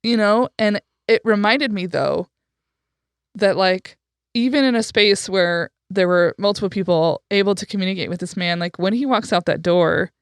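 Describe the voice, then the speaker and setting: Woman, podcast co-host, smooth clear voice, close dry mic, casual storytelling, frank and chatty. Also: medium pitch, moderate pace, dry recording. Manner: chatty, frank, with frequent fillers and profanity.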